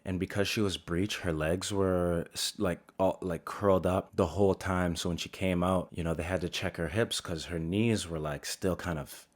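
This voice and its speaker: Deep voiced guy in his 30s doing profane exasperated stand-up. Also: fairly even intonation, normal speed, hardly any pauses. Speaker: stand-up comedian. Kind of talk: stand-up comedy monologue.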